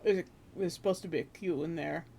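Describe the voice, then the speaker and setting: Streamer, mid-range pitch; loose, joking, offhand chat with the odd swear. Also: fast, creaky, dark tone, a little hiss or hum. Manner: rambling, joking, swears casually. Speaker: livestreamer. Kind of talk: casual chat with viewers.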